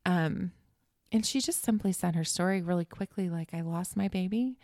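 A woman telling a painful personal story in a halting, emotional way as a podcast guest. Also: on the low side, dark tone, dry recording, clean studio sound. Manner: halting, emotional, reliving the moment. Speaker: guest sharing her story.

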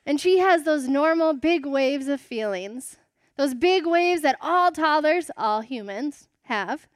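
A woman's voice: high-pitched, animated, slow, dry recording, studio quality. A woman in her thirties preaching a sermon, telling a family story in a conversational way with rhetorical asides before reading scripture.

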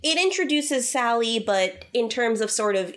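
A woman's voice: fairly high pitch, animated, normal speed, a bit bright. A woman co-hosting a casual chat, talking through a musical's story with opinionated enthusiasm. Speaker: podcast co-host.

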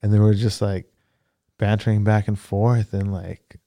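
A man with a gravelly voice chatting in a laid-back way, telling a loose story. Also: on the low side, flat delivery, unhurried, dark tone, no echo. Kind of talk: casual conversation.

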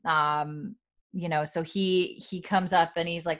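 A woman's voice: fairly low pitch, fairly even intonation, unhurried, a bit bright. A woman hosting a casual podcast chat, retelling scenes with quoted lines, many fillers and frequent laughs. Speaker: podcast host recapping a TV episode.

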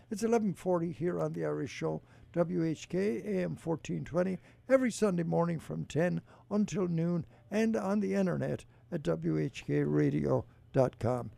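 A man hosting a radio show, chatting casually with a co-host and reading an ad, halting with restarts. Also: a little high, creaky, dark tone, dry recording. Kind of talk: casual radio chat and read ad. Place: radio studio.

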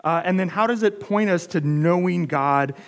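A man's voice: high voice, moderate pace. An American man giving a sermon, telling a story in a chatty, self-deprecating way with many fillers. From United States. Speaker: pastor.

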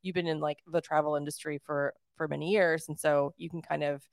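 A woman's voice: sits low, steady tone, brisk, gravelly, no echo, clean studio sound. A woman in her thirties co-hosting a podcast, chatting in an upbeat, friendly way. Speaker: podcast co-host. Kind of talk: casual chat.

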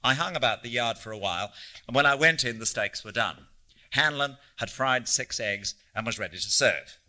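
A male narrator reads literary prose at a measured, descriptive pace. His voice is strikingly bright and crisp, sitting at a middle pitch for a man. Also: lively intonation. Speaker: audiobook narrator.

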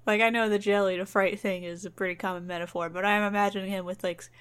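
A woman's voice: medium pitch, steady tone, fast, fairly bright tone, clear, resonant tone. Wisecracking woman in casual chat. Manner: wisecracking, playful. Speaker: podcast co-host.

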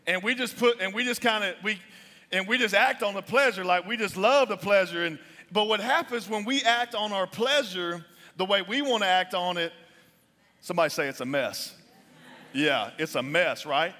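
A young adult man preaching a sermon as pastor, animated, sometimes dropping his voice low for emphasis. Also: normal speed. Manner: animated preaching, drops to near-whispers for emphasis. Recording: long reverb of a large hall.

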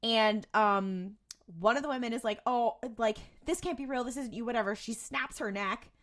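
Woman podcast co-host, animated storyteller, bright and fairly high voice. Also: normal speed. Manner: animated, acts out characters, laughs often. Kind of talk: casual recap chat.

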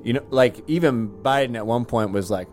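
A man's voice: mid-range voice, moderate pace, darkish tone, soft background music. A young man for whom English is not his first language, casually chatting and mocking politicians with wry paraphrases. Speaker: podcast co-host. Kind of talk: casual chat.

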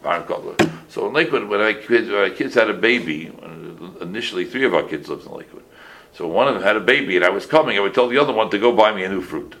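An older man with a gravelly, fry-edged voice teaches as a rabbi, and his pitch swings widely from low asides to high exclamations. He tells stories with restarts and Yiddish turns of phrase, and a faint hiss of noise sits under the recording. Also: quick pace, low-quality recording. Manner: animated storytelling with many restarts and Yiddish phrases. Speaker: rabbi giving a halacha class. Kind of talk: casual halachic shiur with stories.

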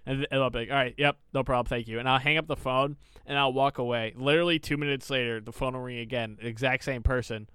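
A man's voice: mid-range voice, fairly even intonation, fast, few pauses, a bit bright, smooth, no echo, studio quality. A young man co-hosting a casual podcast, laughing often and mimicking customers while ranting and swearing freely. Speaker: podcast co-host. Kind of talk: casual chat.

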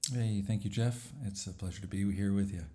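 A middle-aged man, a pastor and church planter, speaking thoughtfully in a podcast interview with frequent "uh" pauses. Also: on the low side, steady tone, dark tone. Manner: thoughtful, with many "uh" fillers and a light laugh.

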